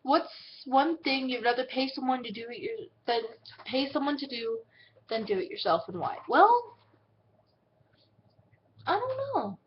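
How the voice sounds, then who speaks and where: A teenage girl with a twang and a fairly high voice, answering fan questions in a casual home vlog. She talks bluntly, swears freely and slips into quick put-on voices when quoting people. The recording is a little dull and has a faint hiss under it. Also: animated. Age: teens. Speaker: vlogger answering viewer questions.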